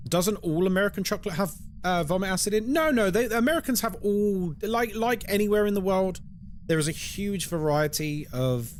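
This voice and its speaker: With a high voice at normal speed and slight background noise, a young British horror game streamer chats on a live stream. He's lively and talkative, speaking British English as he reads out chat messages and answers them.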